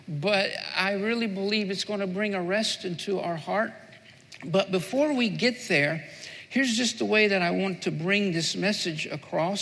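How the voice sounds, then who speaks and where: Earnest preacher man with a gravelly high voice. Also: bright, forceful tone, big-room sound, rough recording. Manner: earnest, repeats key phrases for emphasis. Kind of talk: sermon with prayer.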